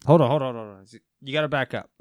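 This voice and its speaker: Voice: medium pitch, fast talker, a little mellow, dry recording. Insistent podcast co-host, dry close sound. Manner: interrupts to correct and explain, insistent. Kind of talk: casual podcast chat.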